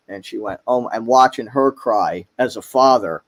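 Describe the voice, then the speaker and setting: A middle-aged man talking as a podcast guest, halting, with many fillers and restarts. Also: mid-range voice. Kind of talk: casual chat.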